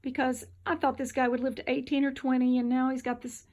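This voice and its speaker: A woman's voice: high-pitched, little pitch movement, brisk, a little mellow. A tired woman, just up from a nap, rambling chattily at home in a casual vlog. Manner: rambling, chatty, drifts between topics. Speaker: vlogger. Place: home, indoors.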